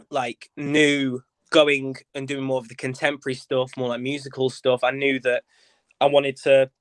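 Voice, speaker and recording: Dry recording of a mid-range, fairly bright male voice. The speaker is a young actor and theatre director from Lancashire, England, guesting on a casual podcast and chatting playfully about his way into theatre, complete with camp asides and lots of fillers.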